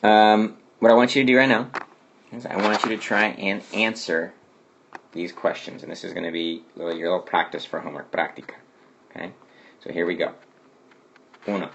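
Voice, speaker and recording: A man's voice: low voice, vocal fry, noisy background. A man teaching a Spanish grammar lesson who explains patiently and keeps asking "okay?" to check understanding.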